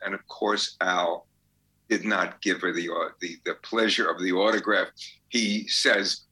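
An older songwriter telling rambling anecdotes in a casual interview. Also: male voice, low voice, normal speed, bright, forceful tone, low-quality recording. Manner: rambling anecdotes with fillers and restarts. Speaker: songwriter guest.

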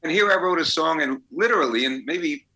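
A man's voice: fairly high pitch, animated, fairly quick, pushed and bright, poor audio. A man in his eighties, a songwriter guest, telling anecdotes in a chatty way and laughing as he goes. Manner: chatty storyteller, laughs as he talks. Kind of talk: anecdotal interview.

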